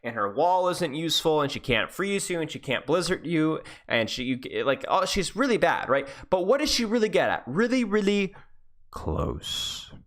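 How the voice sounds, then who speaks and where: Animated, teasing man coaching a game. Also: moderate pace, hardly any pauses. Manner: animated, teasing, jumps between high and low. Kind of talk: playful one-on-one coaching.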